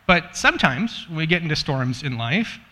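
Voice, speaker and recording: A man in his thirties preaches in a loose, conversational way, candid and earnest, slipping soft laughs into his personal stories. His voice sits a little high and has a bright, forceful edge. The sound rings with the long reverb of a large hall. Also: big pitch swings, moderate pace. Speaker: guest preacher. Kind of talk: conversational sermon.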